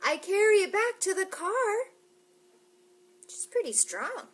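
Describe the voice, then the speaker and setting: A woman's voice: very high-pitched, big pitch swings, unhurried, slight background noise. Sing-song woman reading to toddlers. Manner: sing-song, exaggerated, playful, with whispers and gasps. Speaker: children's librarian. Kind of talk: toddler storytime reading and rhymes.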